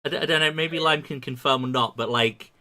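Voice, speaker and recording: A man's voice: mid-range voice, brisk, bright, forceful tone. A man running a live tabletop game stream, chatting casually and rambling with laughs before the game starts. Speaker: game master.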